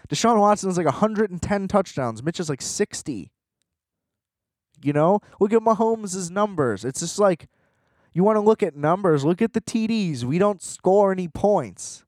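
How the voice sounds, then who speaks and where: A man's voice: high-pitched, expressive, a little slow, darkish tone, no room sound, clean studio sound. A man hosting a sports podcast, ranting in a frustrated, profane, rambling way with many fillers. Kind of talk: casual sports rant.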